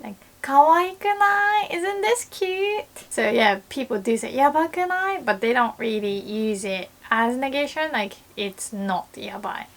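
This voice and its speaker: A woman with a Japanese accent, a native Japanese speaker, giving a casual language lesson and playfully acting out example phrases with big jumps in pitch.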